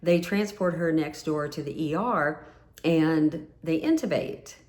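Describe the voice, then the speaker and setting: A woman's voice: sits low, measured pace, a little mellow. A middle-aged woman telling a personal story in a casual, rambling way, close to tears. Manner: rambling, with many restarts and fillers.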